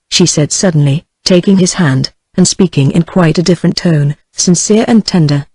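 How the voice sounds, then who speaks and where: A woman's voice: lowish voice, normal speed, few pauses, breathy edge, dry recording, low-quality recording. Synthetic British woman reading a novel. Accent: British English. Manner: even, uninflected reading of dialogue and narration alike. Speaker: narrator. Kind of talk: text-to-speech audiobook narration.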